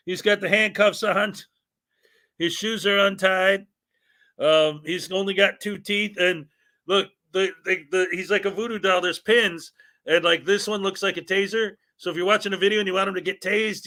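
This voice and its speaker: A man hosting a casual livestream, greeting viewers by name in a lively, upbeat way. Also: high voice. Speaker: livestream host.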